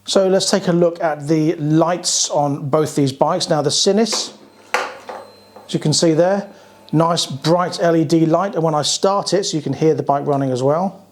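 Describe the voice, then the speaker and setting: A man's voice: on the high side, a little slow, slight background noise. A British man giving a casual, plain-spoken walkaround review of scooters, pointing out features as he goes.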